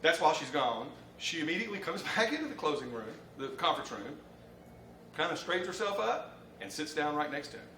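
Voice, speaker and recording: A Southern man in his fifties tells stories in a folksy, animated way while leading a training session, and his voice sits a little on the higher side. The sound is roomy and distant, with steady ambient noise in the room. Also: brisk. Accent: Southern American. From Alabama, USA. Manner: folksy, animated storyteller, laughing often. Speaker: mortgage lender, presenter. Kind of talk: live training presentation with anecdote. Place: conference room with live audience.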